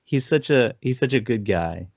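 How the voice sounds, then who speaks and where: A man's voice: mid-range voice, expressive, normal speed, a little mellow, no echo. A man co-hosting a film podcast, telling stories in a loose, rambling way and laughing often. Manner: rambling storyteller, laughs often, acts out quotes. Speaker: podcast co-host. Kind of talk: casual film review chat. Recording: dry, dull lo-fi sound.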